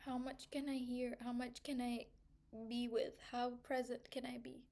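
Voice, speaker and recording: In a personal vlog monologue, a young woman with a high voice reflects and searches for words, pausing often and filling gaps with "like," sometimes sounding tearful. Her tone is level with vocal fry, and the background is noisy.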